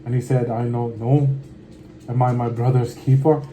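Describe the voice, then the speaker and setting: A man reading scripture aloud slowly and deliberately, breaking off now and then for slangy, offhand comments. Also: medium pitch, little pitch movement, mellow, soft background music, poor audio. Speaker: scripture reader.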